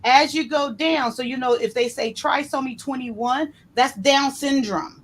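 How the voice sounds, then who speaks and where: A woman casually telling a personal story in an animated way, acting out what others said to her. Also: measured pace. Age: adult. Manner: animated, re-enacts others' words with shifting pitch.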